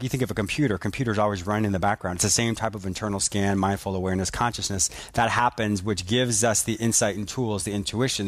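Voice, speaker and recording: A man's voice: lowish voice, no room sound. A man hosting a conversation, thinking aloud through his points with frequent restarts. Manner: reflective, explains in searching restarts. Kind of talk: conversational interview.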